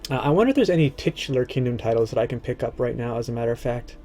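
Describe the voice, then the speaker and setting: A man streaming a strategy game, casually thinking aloud and muttering to himself, his words often trailing off low. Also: expressive, very fast, warm tone, faint music behind.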